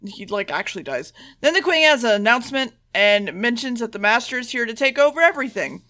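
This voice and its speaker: A woman's voice: a little high, very animated, pushed and bright. A woman co-hosting a podcast who recaps an episode's plot flippantly and with swearing. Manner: flippant, sweary recap with quick voiced quotes. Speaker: podcast co-host.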